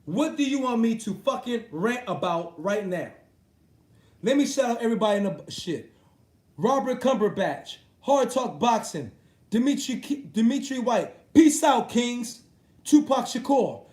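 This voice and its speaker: High-pitched man on a profane boxing rant. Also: animated, unhurried, darkish tone, echoey room. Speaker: boxing commentator ranting to his live chat.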